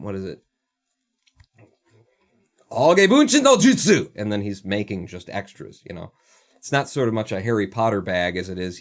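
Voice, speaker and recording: A man's voice: on the low side, darkish tone. A man hosting a casual livestream, ranting sarcastically and swearing freely as he chats. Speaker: livestream host.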